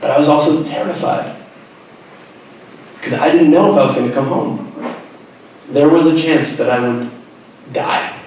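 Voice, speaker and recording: Young male author, earnest storyteller with wry humor, heard from a distance in a booming school auditorium. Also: normal speed, long pauses, a little mellow, slight background noise. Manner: earnest, reflective, self-deprecating humor. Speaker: author giving a school talk. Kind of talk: personal storytelling speech. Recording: very echoey hall, voice from far off.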